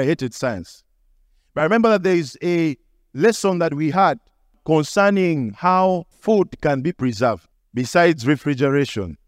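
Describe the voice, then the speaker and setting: Using a fairly high voice, a male pastor preaches a sermon through stories, now and then acting out the people in them. The sound is dry and close, with hardly any room and no echo.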